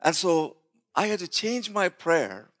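A man's voice: high-pitched, sing-song, takes it slowly, a bit bright. A male pastor telling a personal testimony in a sermon, acting out what others said and often restarting his words. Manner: storytelling, acting out quoted voices with laughs.

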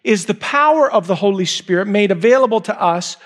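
A man preaching a sermon, emphatic and repeating key lines, swinging between raised and hushed delivery. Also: high voice, lively intonation, brisk. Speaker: pastor.

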